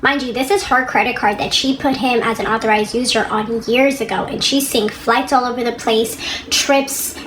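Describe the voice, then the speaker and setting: A woman's voice: a little high, normal speed, background noise. Chatty woman telling a story. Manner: animated, chatty, quotes people in dialogue. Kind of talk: casual storytime retelling.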